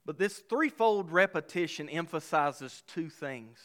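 A man preaching a sermon as a pastor, speaking emphatically and slowing down to stress key lines. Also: a little high, animated, a bit bright.

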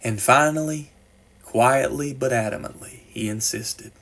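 A man preaching a sermon, reading a story aloud with rising passion and then dropping to soft, slow appeals. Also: medium pitch.

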